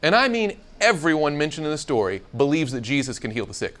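A man's voice: a little high, fast talker. A man teaching a Bible seminar to a live audience, asking questions and acting out the quoted lines. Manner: animated, asks the room questions, acts out quoted lines.

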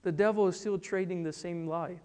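A man from the Republic of the Congo preaching a sermon, emphatic and full of rhetorical questions and pauses. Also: high voice, steady tone, a little mellow. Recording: long church-hall reverb.

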